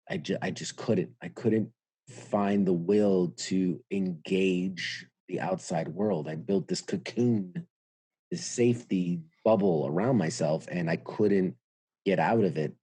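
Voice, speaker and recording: Middle-aged New Yorker, veteran guest; mellow husky voice, dry close sound, acts out quotes. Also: male voice, low voice, dry recording. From New York. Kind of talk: candid interview storytelling.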